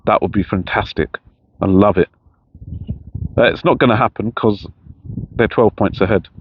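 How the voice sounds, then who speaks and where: A man's voice: lowish voice, moderate pace. Rambling middle-aged man, lo-fi. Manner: rambling, chatty, many restarts. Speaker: vlogger. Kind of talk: casual outdoor chat. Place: outdoors in a park. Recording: dull lo-fi sound with faint noise.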